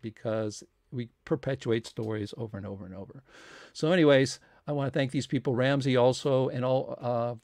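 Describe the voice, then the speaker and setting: A man's voice: medium pitch, fairly quick, darkish tone, no room sound. A man hosting a science talk series, making casual, rambling announcements with many fillers and restarts and earnest appeals for support.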